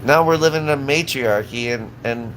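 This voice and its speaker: Casting: man, live-streamer, swearing, rambling agitated rant, mid-pitched. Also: moderate pace, noisy background. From Southern California. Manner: profane, agitated, rambling with frequent restarts.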